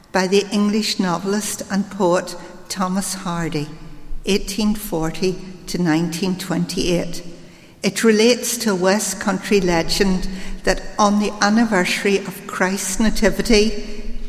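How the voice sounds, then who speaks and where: Slow-spoken Belfast woman reading poetry. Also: mid-range voice, steady tone. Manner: measured, unhurried delivery. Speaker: poetry reader. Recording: long reverb.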